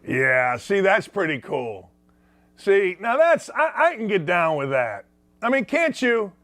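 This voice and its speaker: A man's voice: high voice, huge pitch swings, slow pace, fairly bright tone, no room sound. A man hosting a sports talk show, giving brash, mocking opinions straight to his viewers.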